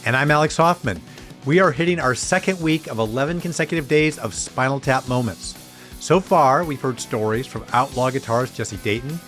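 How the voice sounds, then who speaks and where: A man's voice: medium pitch, a bit bright. Man co-host reading over guitar. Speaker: podcast co-host. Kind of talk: scripted show intro.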